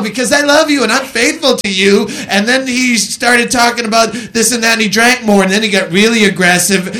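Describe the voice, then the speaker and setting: A man doing a stand-up comedy set on a club stage, profane and incredulous, with quick asides to the audience. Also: high-pitched, bright, forceful tone. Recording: live club recording with audience noise. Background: audience laughter.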